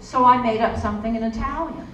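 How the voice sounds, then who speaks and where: A woman's voice: on the high side, fast talker, crowd noise. A woman voice actor answering questions on a convention panel, chatty and storytelling with many asides. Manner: chatty, warm storytelling with frequent "you know". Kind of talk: panel Q&A talk. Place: convention hall. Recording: echoey hall from far off, faint noise.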